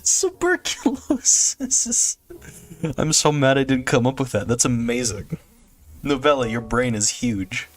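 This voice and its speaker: A man's voice: mid-range voice, steady tone, normal speed. A young man chatting casually on a game stream, rambling and joking with frequent laughter. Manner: rambling, jokey, laughs often. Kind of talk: casual gameplay stream chat.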